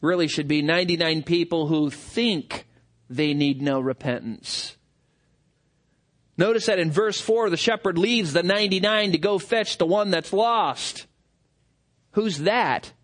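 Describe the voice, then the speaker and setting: A man delivers a sermon with a fairly high voice. He is animated and swings his delivery up and down as he acts out what people say. It sounds like a preacher working through a passage for his congregation.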